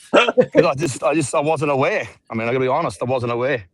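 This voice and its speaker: A man's voice: fairly high pitch, expressive, a little fast, low-quality recording. A man with an Australian accent chatting laid-back and rambling on a video call while out walking. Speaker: regular guest. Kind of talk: casual video call chat. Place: outdoors, walking.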